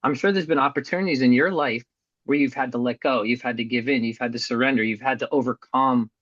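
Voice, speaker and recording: A man's voice: medium pitch, fast, fairly bright tone, dry recording, dull audio. A middle-aged man telling a hard personal story as a guest, earnest and blunt, with some casual swearing. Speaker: podcast guest.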